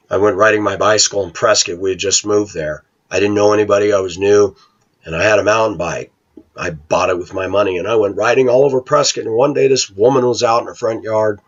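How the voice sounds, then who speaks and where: A man's voice: fairly low pitch, breathy edge, highs cut off. A middle-aged man with a blunt, ranting manner, talking casually to viewers in a vlog. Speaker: vlogger.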